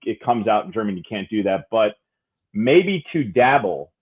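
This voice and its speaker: A man's voice: on the low side, big pitch swings, normal speed, breathy edge, narrow, tinny audio. A man who is an aspiring amateur play-by-play announcer asks a guest a long question, rambling and searching for his words. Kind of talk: asking a question on a talk show.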